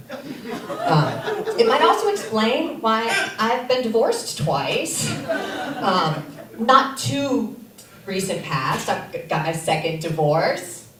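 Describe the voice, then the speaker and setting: Casting: middle-aged woman comic, deadpan with "um" pauses, lowish voice, heard from far off in an echoey theater. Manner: deadpan delivery with filler pauses. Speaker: stand-up comic. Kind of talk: stand-up comedy set. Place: comedy theater stage. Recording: roomy echo, far from mic. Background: audience laughter.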